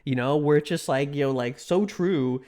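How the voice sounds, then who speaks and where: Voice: medium pitch, level tone, fast talker, darkish tone. A livestreamer chatting casually with viewers, rambling with many restarts and filler words.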